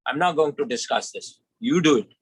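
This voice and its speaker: A man's voice: a little high, animated, brisk, breathy edge. A man quoting a curt, stubborn older sister. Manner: curt, refusing.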